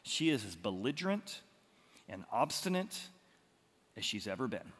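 Male pastor, animated storyteller, voice swinging widely up and down, recorded in a reverberant hall. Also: lowish voice, moderate pace, slightly rough. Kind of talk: expository sermon.

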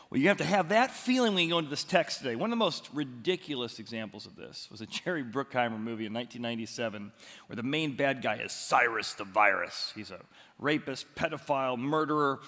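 A man preaching a sermon as the pastor, telling stories with lively, animated bursts of loud excitement. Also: mid-range voice. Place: church auditorium. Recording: long reverb of a large hall.

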